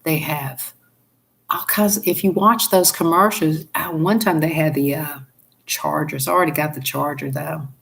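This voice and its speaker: A woman's voice: low-pitched, steady tone, normal speed, vocal fry. A woman with a Southern US accent, hosting a casual chat to her viewers, talking chattily, laughing often and acting out little voices. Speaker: channel host.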